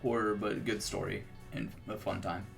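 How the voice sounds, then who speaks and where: A man's voice: on the low side, little pitch movement, moderate pace, vocal fry, soft background music. A man co-hosting a movie review, laid-back, recapping the plot and trading short replies. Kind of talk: casual movie review chat.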